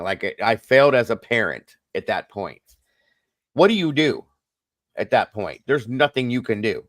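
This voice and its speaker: A man's voice: mid-range voice, dry recording. A middle-aged man hosting a casual livestream chat, telling a personal story earnestly and talking straight to his viewers. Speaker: host.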